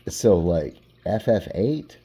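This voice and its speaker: Deep, slow, dark-voiced man. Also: slightly rough. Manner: relaxed, rambling, lots of "like". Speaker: comic book collector. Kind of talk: casual collection vlog.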